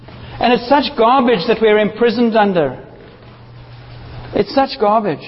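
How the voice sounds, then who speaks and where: High-voiced passionate male preacher. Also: a little slow, long pauses, long reverb tail, dull audio, a little hiss or hum. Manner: passionate, animated preaching with playful asides. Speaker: pastor. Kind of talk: sermon. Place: church.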